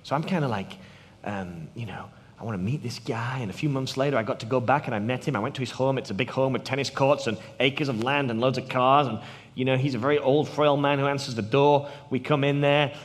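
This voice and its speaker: A man in his thirties with a British accent, a missionary preaching a sermon and telling stories, at times dropping to hushed tones. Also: medium pitch, fairly even intonation, fast, big-room sound. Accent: British English. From England. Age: 30s. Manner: storytelling, drops to hushed tones for effect.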